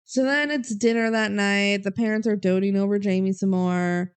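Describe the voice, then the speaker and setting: A woman's voice: medium pitch, steady tone, normal speed, smooth. A young adult woman co-hosting a podcast, chattily recapping a movie with lots of "like" and "um". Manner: chatty, fillers like "like" and "um", acts out quotes. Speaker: podcast co-host. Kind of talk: casual movie recap chat.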